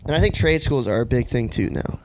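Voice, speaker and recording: A young man hosting a casual podcast chat, relaxed and swearing freely. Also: mid-range voice, a little fast, noisy background. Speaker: podcast host.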